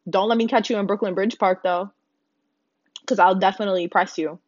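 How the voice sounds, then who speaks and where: A woman's voice: mid-range voice, brisk, no echo, muffled recording. A young woman, telling a blunt, profane storytime rant to her viewers. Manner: blunt, loud, profane, animated. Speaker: vlogger. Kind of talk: casual ranting storytime.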